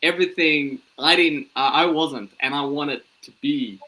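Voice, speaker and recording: Male comic guest, thirties, lively storyteller with a bright, forceful voice. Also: fairly high pitch, unhurried, low-quality recording. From Ethiopian, born in Sudan, raised in Australia. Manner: animated, acts out voices in his anecdotes. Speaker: comedian guest. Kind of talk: casual storytelling interview.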